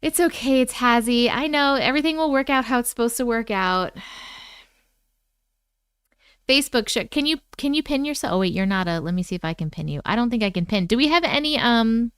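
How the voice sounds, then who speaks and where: A woman hosting a casual livestream at home from her computer, greeting viewers one by one by name, sounding low on energy. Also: lively intonation, a little fast, clear, resonant tone, no echo, studio quality. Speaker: livestream host.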